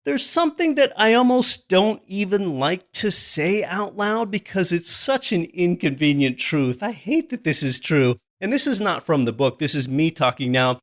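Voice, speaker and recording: Man, podcast host, slightly high voice, earnest, recommending. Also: very animated, normal speed, hardly any pauses, a bit bright. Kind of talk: podcast interview and commentary.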